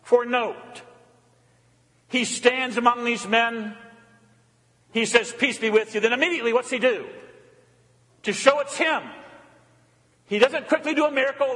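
A man's voice: very high-pitched, a little slow, pauses often, bright, forceful tone. A man preaching a sermon, asking rhetorical questions, repeating refrains and having the congregation say lines back. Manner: leads the congregation in call and response. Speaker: pastor. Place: church sanctuary. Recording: long church reverb.

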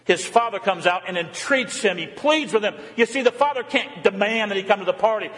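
A man's voice: sits high, a little fast, few pauses, a bit bright, long reverb tail. A male pastor preaching a sermon, exhorting his listeners with pointed rhetorical questions. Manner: rhetorical questions, exhorting, rising and falling intensity.

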